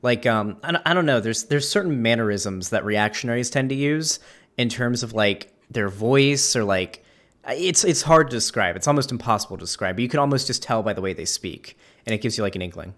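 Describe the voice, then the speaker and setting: Man, casual chat, rambling, lots of restarts and fillers, mid pitch. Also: lively intonation, fairly quick, fairly bright tone. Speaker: streamer and host. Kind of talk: casual conversation.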